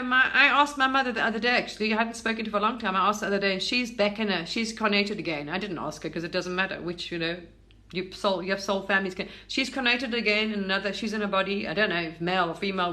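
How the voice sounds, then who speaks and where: A woman from Britain, middle-aged, talking about spiritual matters in a loose, eager, rambling way. She restarts sentences often and slips in fillers. Her voice sits in an ordinary middle pitch. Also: sharp tone. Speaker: spiritual content creator. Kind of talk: casual spiritual talk.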